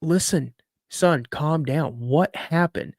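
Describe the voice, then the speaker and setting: A man's voice: fairly high pitch, takes it slowly, no echo, clean studio sound, pitched above the performer's own voice. A man voicing a stern father who gives curt, firm orders. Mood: calming. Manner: curt commands.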